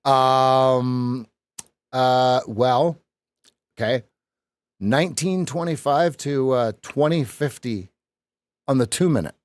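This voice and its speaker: A man's voice: mid-range voice, slow, long pauses, dry recording. Joking man running a live trading stream. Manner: loose, joking, talks to chat. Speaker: trading coach.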